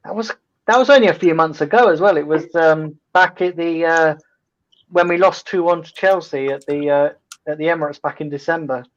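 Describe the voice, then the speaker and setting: Halting, higher-pitched man chatting. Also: dull audio. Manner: rambling, halting, lots of ums and restarts. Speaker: host. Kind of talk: casual football watch-along chat.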